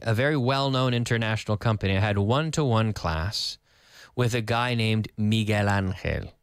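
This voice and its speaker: A man's voice: medium pitch, no echo, studio quality. A middle-aged man teaching English to learners in Spain, telling stories and acting out dialogue to demonstrate intonation. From English-speaking country, living in Spain. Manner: lively storytelling, acts out dialogue, hums intonation patterns. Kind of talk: explaining English pronunciation.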